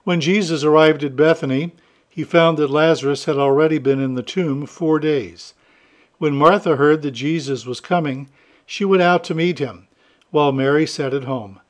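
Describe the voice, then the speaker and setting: A man, a priest, reading the gospel aloud and then preaching a homily in a relaxed, chatty way with light humor. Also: a little high, moderate pace.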